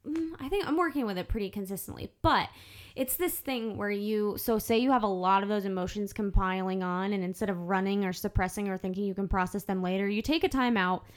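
A woman hosting a podcast in casual conversation, candid and animated, swearing freely and acting out her own inner voice. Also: medium pitch, a little fast, clear, resonant tone. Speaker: podcast host.

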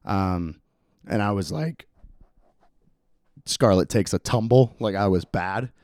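Young male solo podcast host, low-pitched, dry close sound, laid-back rambling chatter. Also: slow, darkish tone, no echo. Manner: rambling, laid-back, laughs often, says "like" constantly. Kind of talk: solo casual podcast chat.

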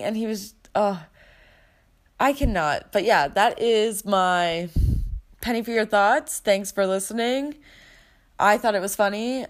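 A young woman hosts a casual podcast, telling a story about a night out. She talks in a chatty, dramatic way, packs her lines with filler words and swears easily. Her voice sits at an ordinary middle pitch. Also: a little slow. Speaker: podcast host.

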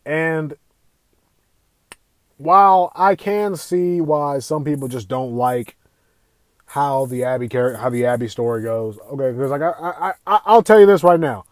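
A young man hosting a casual gaming podcast, talking in an excitable, profane, rambling way. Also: mid-range voice, a little slow, no room sound. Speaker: podcast host.

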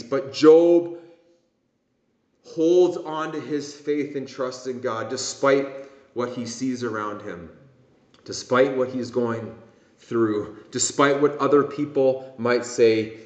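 A man's voice: mid-range voice, slow pace, a little mellow. A man preaching a sermon as pastor, impassioned, sometimes mimicking whining voices. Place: church. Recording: echoey room, dull lo-fi sound.

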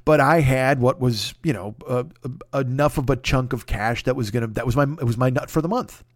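A man telling a story in a casual monologue, animated and profane, often acting out the dialogue. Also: mid-range voice, brisk, no room sound, clean studio sound. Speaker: podcast host.

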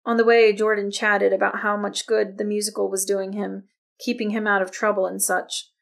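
A woman narrating a novel as an audiobook, reading in a steady, even storytelling manner. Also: medium pitch, moderate pace, creaky. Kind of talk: scripted narration.

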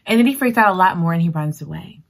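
A woman recapping a book in a casual, expressive way, exclaiming and reacting emotionally as she talks. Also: fairly low pitch, fast talker, gravelly. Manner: expressive and emotional, exclaiming and talking back to the story. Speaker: book reviewer.

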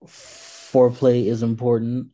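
A man co-hosting a podcast in casual chat, relaxed and hesitant, with frequent ums between points. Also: medium pitch, slow pace, dull audio. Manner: relaxed, hesitant with many fillers. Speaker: podcast co-host.

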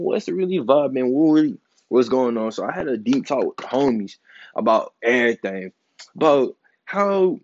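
A man's voice: medium pitch, darkish tone, no room sound. Rambling young man, dull podcast audio. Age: 20s. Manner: loose, rambling, slangy and emphatic, with swearing and laughs. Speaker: podcast host. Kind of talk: casual solo podcast monologue.

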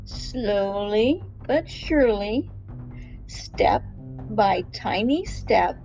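Slow, lively woman reading to kids. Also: medium pitch, faint music behind, low-quality recording. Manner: expressive, playful, speaks to children. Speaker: children's storyteller.

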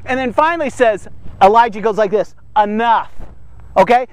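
An animated man preaching a Bible story on a devotional podcast, with a notably high-pitched voice. He talks excitably and keeps checking in with his listeners. The sound is dry and close, with no room echo. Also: a little fast.

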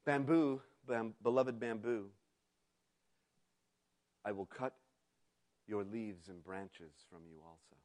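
A man voicing the grave, loving master of a garden in a sermon story, speaking low and hushed. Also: steady tone, takes it slowly, pauses often.

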